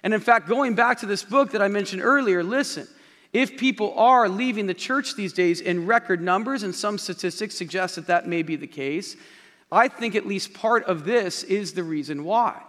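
A man's voice: high-pitched, moderate pace, fairly bright tone. A male pastor giving an emphatic sermon from the stage of a large church, repeating key phrases and speaking directly to the congregation. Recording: long reverb of a large hall.

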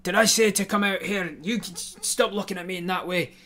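A man's voice: high-pitched, steady tone, brisk, pushed and bright, voice pushed up. A man voicing a domineering Dragonborn who poses as a harsh overseer, barking bossy orders.

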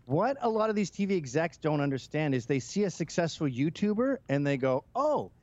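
A man's voice: on the high side, animated, brisk, darkish tone, no room sound, muffled recording. A man, a guest on a comedy talk podcast, speaking in a sardonic, mocking tone. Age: 30s or older. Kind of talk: casual podcast banter.

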